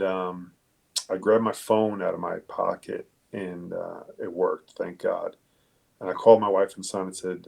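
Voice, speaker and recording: Low gravelly man telling his story. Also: darkish tone. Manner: halting, candid, swears casually. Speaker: police detective guest. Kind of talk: conversational storytelling.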